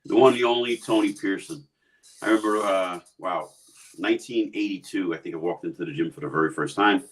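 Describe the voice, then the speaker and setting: A man with a very deep voice co-hosts a casual chat. He sounds eager and keen, like an excited fan. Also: brisk. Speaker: co-host.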